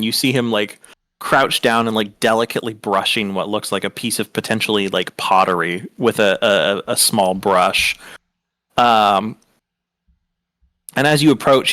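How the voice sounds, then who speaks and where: A man's voice: on the low side, a bit bright, no room sound. Dry-voiced man running a tabletop game. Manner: hesitant, many fillers. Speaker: game master.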